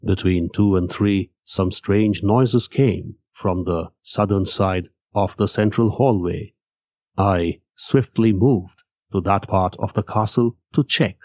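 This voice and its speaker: A man voicing a shaken man recounting a haunting, slow and solemn. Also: deep voice, a little mellow, no echo.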